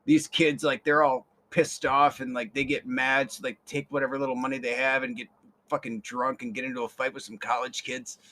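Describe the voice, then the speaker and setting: A man's voice: medium pitch, level tone, a little fast, pushed and bright, slight background noise. A young man hosting a podcast, telling a rambling story with casual swearing and a lot of repeated words. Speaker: podcast host.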